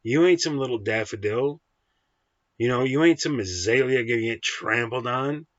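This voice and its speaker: A man's voice: mid-range voice, moderate pace, no echo. A man giving a blunt, profane, combative film review in a casual ranting style. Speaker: movie reviewer. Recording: dull, dry lo-fi sound.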